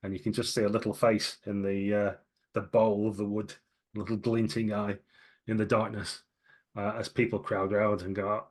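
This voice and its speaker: A man narrating scenes as game master of a tabletop game, in a lively storytelling way. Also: on the low side, moderate pace.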